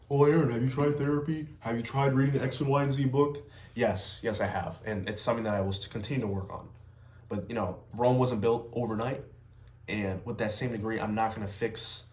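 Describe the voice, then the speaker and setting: A man's voice: fairly low pitch, roomy sound. A young man ranting bluntly to camera, swearing heavily and stressing his words. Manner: blunt, heavy swearing, emphatic. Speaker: vlogger, salesman. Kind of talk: unscripted personal rant to camera.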